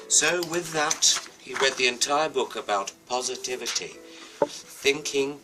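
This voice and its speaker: A man's voice: medium pitch, a little slow, pushed and bright, recorded from a distance, faint music behind, poor audio. A British man telling a comic story with a toy, chatty and playful, with asides to the viewer.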